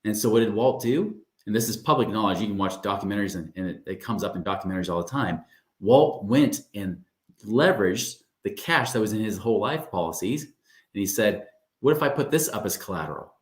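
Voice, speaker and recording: A reverberant recording captures a financial coach's webinar, his voice fairly low and fairly quick. Upbeat and conversational, he keeps checking in with listeners by asking "right?" and calling them "guys."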